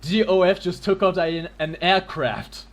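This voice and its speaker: A man commentating a live tank game match, analytical, breaking into excited exclamations. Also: high-pitched, a little slow. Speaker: esports commentator. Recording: faint music behind.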